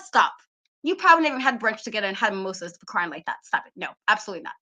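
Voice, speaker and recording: A woman's voice: medium pitch, big pitch swings, rapid-fire, sharp tone. A young woman co-hosting a wrestling talk show, ranting with sass and exasperation and mimicking fake crying voices. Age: young adult. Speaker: co-host. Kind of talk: animated casual rant.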